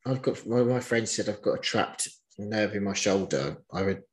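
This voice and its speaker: Man, casual chat, lively pitch, swears offhand. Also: normal speed, rough recording. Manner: animated, swears casually, jumps in pitch when exasperated. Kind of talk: casual chat recapping reality TV.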